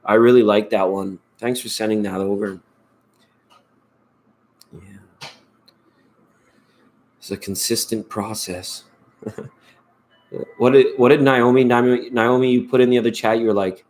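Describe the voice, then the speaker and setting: A man's voice: lowish voice, fairly even intonation, a little slow, pauses often. A man hosting a live tarot stream, chatting casually and rambling playfully, often laughing.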